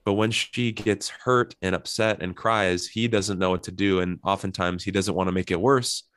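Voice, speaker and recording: Deep-voiced man explaining couples advice. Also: steady tone, normal speed, a bit bright. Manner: earnest, explanatory, gives worked examples. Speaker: couples therapist. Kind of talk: interview guest explaining advice.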